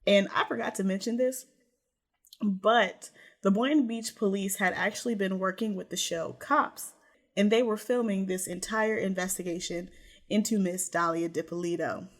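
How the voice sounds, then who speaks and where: Brief: female podcast co-host, lively true crime storytelling with playful asides. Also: mid-range voice, normal speed.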